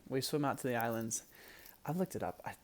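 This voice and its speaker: A young man casually telling a personal story to the camera, animated and laughing, dropping now and then to hushed asides. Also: medium pitch, fairly quick.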